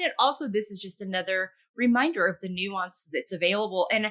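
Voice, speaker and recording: A woman's voice: medium pitch, expressive, a little fast. A middle-aged woman hosting a podcast interview, affirming her guest often and asking reflective questions. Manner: warmly affirming, frequent "yeah". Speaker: podcast host. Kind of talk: conversational interview.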